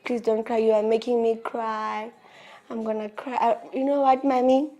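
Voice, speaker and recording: A woman's voice: on the high side, flat delivery, moderate pace, warm tone, dull audio, close to an everyday voice. A South African woman voicing a sweet young boy pleading with and comforting his mother. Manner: pleading, then hopeful.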